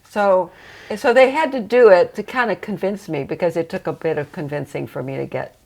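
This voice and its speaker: An older woman, a trance channeler, talking reflectively in a relaxed interview and laughing often. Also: lowish voice, a little fast, gravelly.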